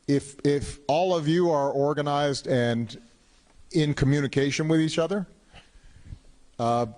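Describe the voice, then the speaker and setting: A man in his fifties answering audience questions at a town hall in a large hall, speaking in a measured, halting way and often repeating words as he thinks. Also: a little high, darkish tone. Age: 50s.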